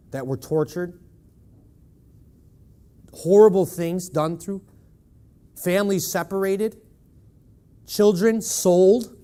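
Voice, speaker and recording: Man preaching in church, pitched high, emphatic and questioning the congregation. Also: darkish tone. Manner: emphatic, with rhetorical "right?" questions. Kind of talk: sermon.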